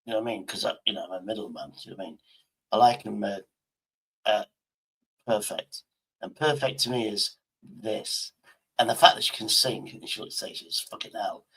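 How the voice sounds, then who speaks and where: Man, gravelly voice, rambling livestream chat, curses all the time. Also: lowish voice, lively intonation, normal speed, pauses often, sharp tone. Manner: swears constantly, rambling, talks to himself.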